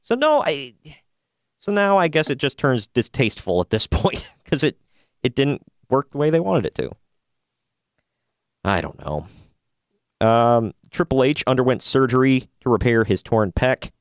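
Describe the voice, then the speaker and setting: A man's voice: medium pitch, animated, normal speed, no room sound, studio quality. A man hosting a casual wrestling news podcast, wry and opinionated, often laughing at his own jokes. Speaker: podcast host.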